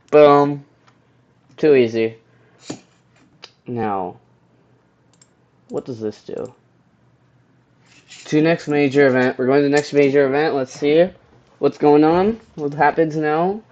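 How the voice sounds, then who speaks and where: A young man commentating a strategy game, excitedly reading event text aloud and cheering. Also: mid-range voice, slight background noise. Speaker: gaming YouTuber. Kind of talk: let's play commentary. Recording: dull lo-fi home recording.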